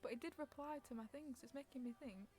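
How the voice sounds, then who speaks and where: A woman's voice: high voice, quick pace, darkish tone. A young woman hosting a casual chat podcast on stream, rambling, giggling and reading out chat messages.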